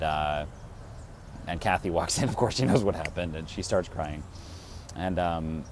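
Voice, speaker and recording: A man in his thirties from Massachusetts, an actor and director, telling a personal story to camera in a lively way and acting out the dialogue. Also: very deep voice, slight background noise. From Massachusetts, USA.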